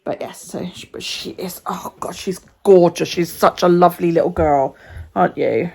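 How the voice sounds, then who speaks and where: A woman vlogs on a phone she holds herself, chatting casually and rambling, swearing at times and often sinking to a near whisper. Her lowish voice has vocal fry and is a little mellow and slightly rough, at a moderate pace.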